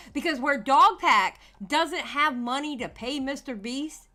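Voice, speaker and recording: A woman's voice: sits high, unhurried, pushed and bright. A woman hosting a commentary livestream, reacting to a video and ranting in exasperation at absent people. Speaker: commentary channel host.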